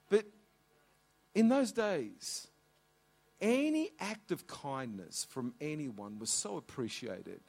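A middle-aged man preaching as pastor, telling a family story with animated swings of pitch. His voice sits somewhat high for a man, and he keeps restarting with "and so". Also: slow, creaky, pauses often, breathy edge. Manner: animated, repeats "and so". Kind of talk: storytelling sermon.

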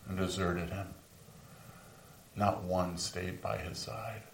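A man performing a first-person dramatic monologue as the apostle Peter, remorseful over his denial, speaking earnestly in a large room and dropping to whispers at moments of grief. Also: low voice. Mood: grave. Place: large room with a live audience. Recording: roomy sound from a distant mic.

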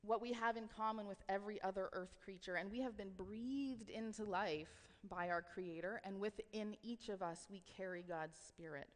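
Lady preaching a sermon, earnest, kinda chatty with fillers, long hall echo. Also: mid-range voice. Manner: earnest, reflective, with filler words.

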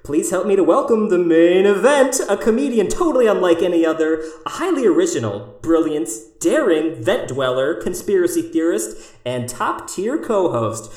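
A woman's voice: on the low side, animated, normal speed, a little mellow, lightly acted. A woman playing a casual podcast co-host who introduces the act and shrugs off the fuss. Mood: announcing. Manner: announcer-like, then dry and casual. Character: laid-back podcast co-host, wry and unbothered. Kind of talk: audio drama. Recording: roomy.

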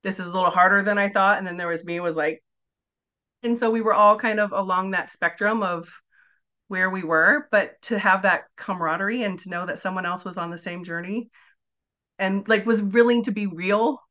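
A woman's voice: mid-range voice, moderate pace, pushed and bright. A woman in her forties, a podcast guest chatting casually and telling her story with lots of filler words. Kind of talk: casual interview chat.

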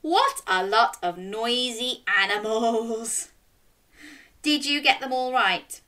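A young woman reading a children's story aloud and running games, speaking directly to young children in an animated way. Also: on the high side, slow pace.

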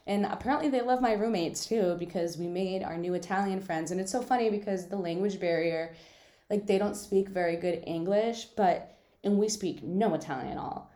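A woman's voice: mid-range voice, normal speed, warm tone. Chatty young woman podcasting in echoey room. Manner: chatty, filler-heavy, giggly storytelling. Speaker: podcast host. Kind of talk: casual solo podcast chat.

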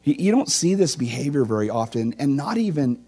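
Very animated and fairly quick, a middle-aged teaching pastor gives a chatty, informal sermon packed with questions for the congregation and personal anecdotes. His voice is medium in pitch, dark in tone, with a breathy edge.

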